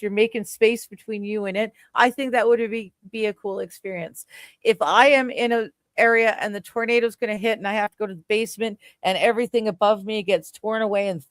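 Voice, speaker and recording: A woman's voice: mid-range voice, dry recording, studio quality. A woman in her forties hosting a casual chat podcast, giggly and rambling, full of fillers and restarts. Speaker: podcast host.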